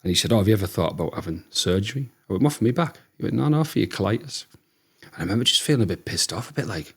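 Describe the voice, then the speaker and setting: A man in his thirties with a Teesside accent, telling lively stories as a podcast guest and acting out what people said. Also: on the low side, rapid-fire, husky. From Teesside, England. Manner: chatty, animated storyteller who acts out quotes. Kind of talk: casual storytelling chat.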